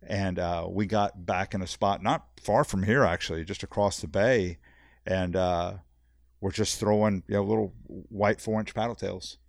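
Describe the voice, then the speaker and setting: A man, a fishing guide, telling a long story on a podcast in a rambling, animated way, full of fillers and repeats. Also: deep voice, normal speed, gravelly, no echo, studio quality. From South Texas. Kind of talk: casual storytelling.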